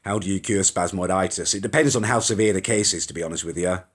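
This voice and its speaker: Young bloke, kinda low voice, rambly live chat reading comments off his phone. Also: quick pace. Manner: chatty, rambling, mild swearing, reacts to comments as they scroll. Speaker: live-stream host reading viewer comments. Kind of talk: casual live-stream chat. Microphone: phone or webcam live stream.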